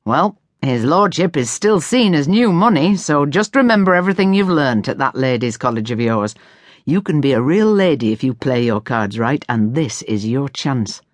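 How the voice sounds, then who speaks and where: A woman voicing a stern, ambitious middle-aged butler in an audiobook, firm and measured. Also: rumbling low, animated, dry recording.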